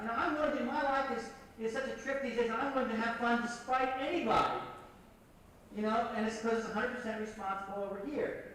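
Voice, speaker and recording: A man giving an animated workshop lecture, repeating points and directing the audience, recorded from far off on old reel tape in an echoey hall. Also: extremely high pitch, brisk, a little hiss or hum. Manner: animated, repetitive, coaching the audience.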